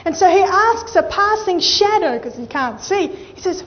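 High-voiced woman preaching. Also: measured pace, hardly any pauses, lo-fi sound. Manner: animated, acts out the quoted voices, addresses listeners as friends. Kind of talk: sermon storytelling.

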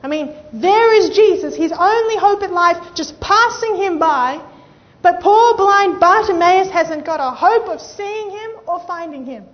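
A young woman preaching with a very high voice, telling a story with animated delivery and acting out the voices of the people in it. She speaks directly to her listeners, calling them friends. The recording sounds dull and lo-fi. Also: a little slow. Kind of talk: sermon storytelling.

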